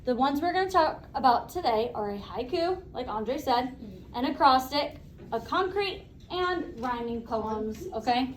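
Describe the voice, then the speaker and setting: A woman teacher leading a classroom lesson, brisk and encouraging, asking the class questions. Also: high-pitched, animated, roomy sound, recorded from a distance, a little hiss or hum, low-quality recording.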